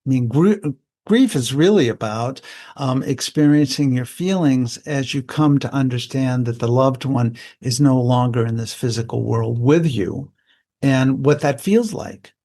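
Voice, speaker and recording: A man's voice: medium pitch, unhurried, warm tone. An older man, a psychologist, speaking candidly and reflectively as a guest in a conversational interview. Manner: candid, plain-spoken, reflective.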